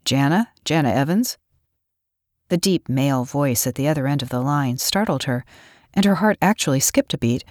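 Low-voiced woman narrating a novel. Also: fairly quick, a little mellow, no room sound, studio quality. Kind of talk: scripted audiobook narration.

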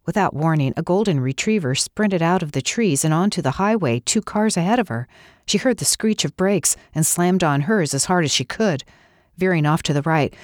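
A woman narrating a novel in a measured, expressive storytelling voice. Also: low-pitched, no room sound, studio quality. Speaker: audiobook narrator. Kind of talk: scripted narration.

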